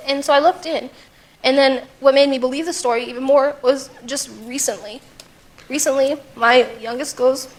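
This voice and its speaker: A woman's voice: high voice, fairly even intonation. A woman, a mother and talk show guest, telling her story in a rush, full of fillers and retold dialogue. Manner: rapid, full of "like", retells her child's words. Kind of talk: emotional testimony on a talk show.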